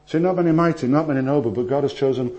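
A man preaching a sermon, telling stories with animated swings between loud emphasis and hushed asides. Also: medium pitch, rapid-fire. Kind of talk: sermon with anecdotes.

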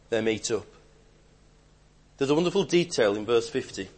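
A man preaching a sermon, swinging between loud emphatic declarations and quiet, hushed asides. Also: medium pitch, expressive, moderate pace, pauses often.

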